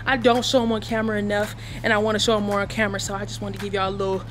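A woman's voice: mid-range voice, little pitch movement, very fast, faint music behind. A young woman in her twenties vlogging to the camera in a casual, hyped, playful way, full of slang. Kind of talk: casual vlog talk to camera.

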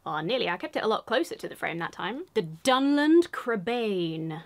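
A woman opening trading cards at a desk in a casual, gushing way. She giggles often and drops into a whisper for the flavour text. Her voice sits at an ordinary middle pitch. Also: expressive, normal speed, hardly any pauses. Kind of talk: casual chat, reading card text aloud.

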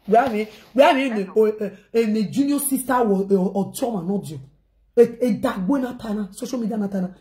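A woman with a Nigerian accent speaks straight to her viewers in a loose, rambling rant, circling back over the same phrases again and again. Her voice sits at an ordinary middle pitch, and she slips pidgin expressions into her talk. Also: brisk, dark tone.

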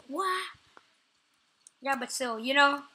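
A woman with a high, bright voice hosts her gaming channel, giving live commentary. She speaks very slowly yet excitably, repeating short phrases several times and yelling out whenever she catches something.

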